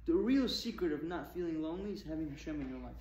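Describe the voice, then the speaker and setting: A man's voice: on the high side, expressive, quick pace, darkish tone, a little hiss or hum. A male rabbi giving a Torah talk, firing rhetorical questions at his audience with emphasis. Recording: echoey room with faint ambience.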